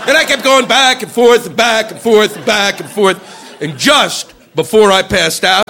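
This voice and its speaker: Man, stand-up comedy, high bright voice, wildly varied pitch, light background noise. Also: moderate pace, gravelly. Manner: animated, shouts mocking voices. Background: audience laughter.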